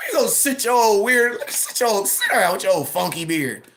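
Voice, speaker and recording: A man in his thirties hosting a live stream, ranting casually about sports, animated and mocking, with quick impressions and frequent laughs. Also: high voice, background noise. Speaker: livestream host.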